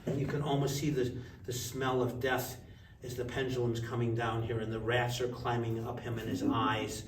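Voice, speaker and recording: A man telling lively anecdotes in a casual gallery talk, acting out the people in his stories. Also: moderate pace. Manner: animated anecdotes, acts out voices with big pitch jumps. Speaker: art collector giving a gallery talk. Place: museum gallery. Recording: echoey gallery, distant mic, faint hiss.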